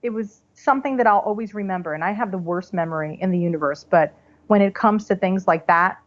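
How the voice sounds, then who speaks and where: A woman in her thirties, a podcast guest telling a personal story in a chatty, animated way, full of "like" and "you know". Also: medium pitch, brisk. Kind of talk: casual storytelling interview. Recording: slightly dull podcast audio.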